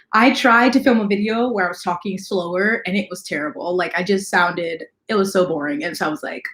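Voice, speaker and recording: A woman hosting a casual livestream, talking fast and chatting with viewers as she greets them. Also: fairly low pitch, a bit bright. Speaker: livestream host.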